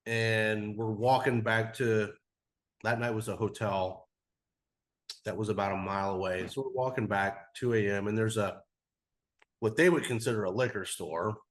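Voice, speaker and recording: A man's voice: lowish voice, steady tone, normal speed. A man in his forties, a podcast guest, telling a travel story in a loose, rambling way full of "like" and casual swearing. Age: 40s. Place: cigar podcast studio.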